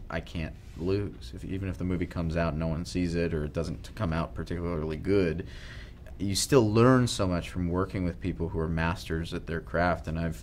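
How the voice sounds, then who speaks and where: A man's voice: low voice, slight background noise. A man, an actor, answering an interview question earnestly. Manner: earnest, sincere. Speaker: actor guest. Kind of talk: press junket interview.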